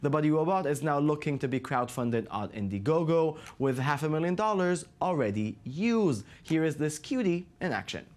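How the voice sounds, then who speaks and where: A man presents a tech news roundup with a fairly high, lively voice. He reads the script briskly and drops in dry, sarcastic quips between the stories. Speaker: news show host. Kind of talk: scripted news segment with jokey asides.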